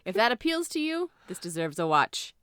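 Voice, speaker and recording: A female podcast co-host in casual movie chat, playful and quick to laugh. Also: mid-range voice, sing-song, a bit bright, clear, resonant tone.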